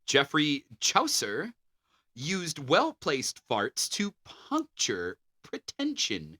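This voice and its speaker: A man's voice: fairly high pitch, huge pitch swings, very slow, bright, forceful tone, slightly rough. A man co-hosting a podcast, reading notes aloud with a dry, amused delivery. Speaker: podcast co-host.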